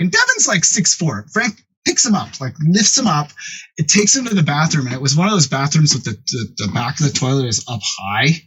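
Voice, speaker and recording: A man, a music producer guest on a podcast, tells a rambling, animated story full of swearing and acts out the characters' voices. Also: on the high side, brisk, slight background noise.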